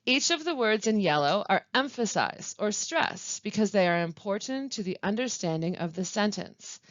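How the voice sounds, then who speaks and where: A woman narrates a language lesson in a careful, emphatic way, her pitch rising and falling widely. The sound is dry and a little dull, as if from a modest lo-fi recording. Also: expressive, no echo. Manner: careful, emphatic reading with marked stress and pauses. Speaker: language instructor.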